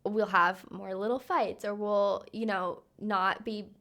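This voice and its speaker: A woman's voice: medium pitch, steady tone, takes it slowly, pushed and bright. A young woman co-hosting a podcast, chatting casually with many fillers. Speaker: podcast co-host. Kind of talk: casual chat.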